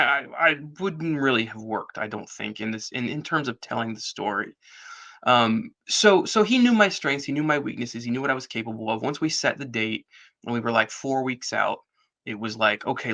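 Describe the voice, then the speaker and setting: A middle-aged man as a podcast guest, telling a long story with lots of acted-out dialogue. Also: medium pitch. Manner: animated storyteller, acts out quoted dialogue. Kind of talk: casual storytelling interview.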